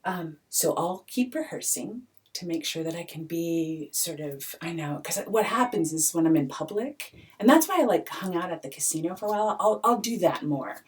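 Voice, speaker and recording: A woman in a rambling personal monologue, swinging between hushed whispers and loud outbursts, swearing and repeating herself. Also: lowish voice, expressive, moderate pace, few pauses, far from the mic. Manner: swears freely.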